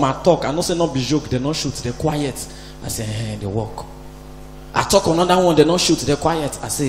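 A man in his forties with a Nigerian Pidgin English accent, performing a stand-up comedy routine on stage and acting out every character in his jokes. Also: high-pitched. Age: 40s. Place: live event stage. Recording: echoey hall, faint hum.

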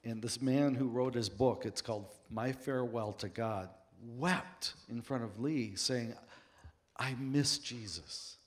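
Man, panel author, earnest storytelling in a mid-pitched voice. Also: unhurried, few pauses. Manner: earnest, anecdotal.

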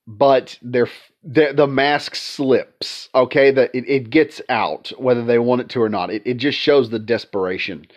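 A man's voice: medium pitch, steady tone, a little slow, hardly any pauses. A man with a stuffy nose from allergies, hosting sarcastic casual commentary on video games and repeating his points for emphasis. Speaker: commentary channel host. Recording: dull lo-fi sound.

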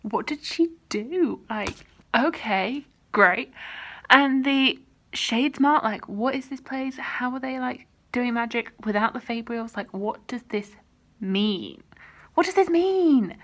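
Excitable young woman reacting to a book. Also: a little high. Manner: animated, excitable, says "like" often. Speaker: reading vlogger. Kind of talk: casual book reaction chat.

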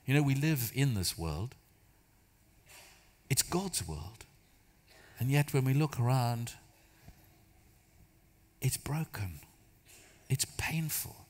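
A man's voice: medium pitch, animated, slow pace, pauses often, darkish tone. Storytelling man preaching in a reverberant hall. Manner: storytelling, conversational, self-deprecating humor. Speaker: church speaker. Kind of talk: sermon. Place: large church hall.

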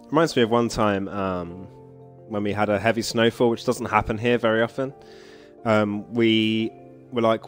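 A man's voice: lowish voice, steady tone, moderate pace, soft background music. A man streaming a game, chatting casually, laughing often and reading the story text aloud.

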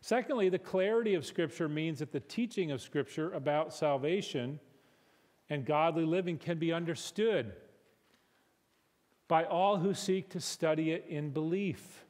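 A middle-aged man preaching at a church conference, his somewhat high voice rising to emphatic peaks. The sound carries the long reverb of a church hall. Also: unhurried. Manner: animated, builds to emphatic peaks. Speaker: conference speaker. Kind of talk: conference teaching talk.

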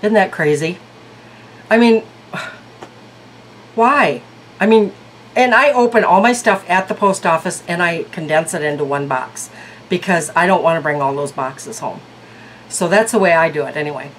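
A woman's voice: fairly low pitch, normal speed, pauses often, a little hiss or hum, poor audio. A woman reviewing beauty products in a casual vlog, chatty and thinking aloud. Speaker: beauty vlogger.

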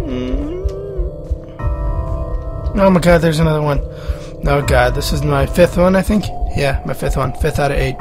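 Slow-talking panicky young gamer man. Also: a little high. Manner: panicky, swearing, pleading with the monster. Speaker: gaming channel host. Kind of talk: horror game let's play commentary.

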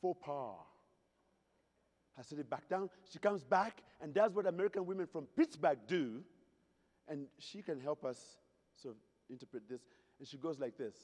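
This man from Zaire has a fairly high voice, a little mellow and slightly rough, and keeps a moderate pace. He's the keynote speaker at a convention in a hotel ballroom, telling funny stories and teasing the audience with questions, all in a reverberant hall.

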